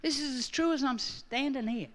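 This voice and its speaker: With a high voice at a normal speed, a middle-aged Australian guest preacher recounts a story in her sermon. She performs her own quoted lines with plenty of animation.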